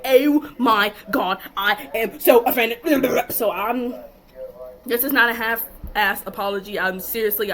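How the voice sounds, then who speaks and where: A woman's voice: mid-range voice, sharp tone. Ranting young woman vlogger. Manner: laughs hard and mocks, then lectures firmly. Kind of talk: casual rant to camera.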